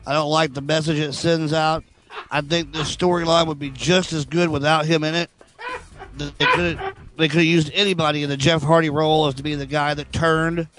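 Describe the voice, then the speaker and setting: Hesitant male caller, slightly high. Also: steady tone, brisk, noisy background. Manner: hesitant, lots of ums and you knows. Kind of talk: casual call-in opinion.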